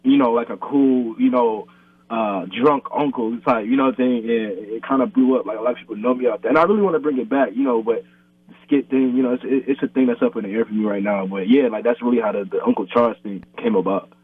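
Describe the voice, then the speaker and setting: His voice sits in the mid range and moves fast as the young YouTuber chats casually in an interview, leaning on "like" and "bro." The recording is dry, with a thin, husky quality like a phone call.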